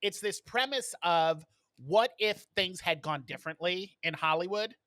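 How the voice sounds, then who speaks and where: A man co-hosting a podcast, telling stories in casual chat with lots of ums and quick laughs. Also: high voice, sharp tone, no room sound. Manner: storytelling with many fillers and laughs. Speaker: podcast co-host.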